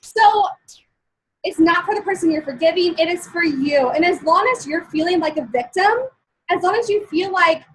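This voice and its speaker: A woman with a very high voice talks through a motivational lesson to a live online audience. She sounds chatty and upbeat, laughs often between points, and keeps checking that her listeners are still with her. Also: moderate pace, slight background noise, poor audio. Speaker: motivational speaker. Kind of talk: live-streamed motivational talk.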